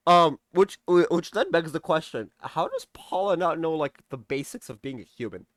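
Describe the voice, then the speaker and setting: A man's voice: on the high side, animated, dry recording, studio quality. Rambling, profane young man reviewing. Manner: rambling, profane, sarcastic, with quick mock quotes of characters. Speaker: TV episode reviewer. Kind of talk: casual recap and commentary.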